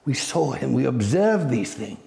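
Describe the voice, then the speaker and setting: A man preaching a sermon slowly, building to loud, emphatic peaks. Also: medium pitch, very animated, gravelly.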